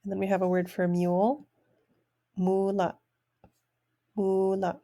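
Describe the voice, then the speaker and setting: Slow, careful woman teaching vocabulary. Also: medium pitch, flat delivery, dark tone. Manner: slow, careful word-by-word pronunciation, repeating each word. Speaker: language teacher. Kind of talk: online language lesson.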